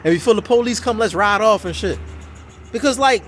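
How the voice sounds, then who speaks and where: A man's voice: sits high, brisk, a bit bright, soft background music. A man giving a heated, swearing, mocking reaction commentary on a video. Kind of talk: profane ranting reaction commentary.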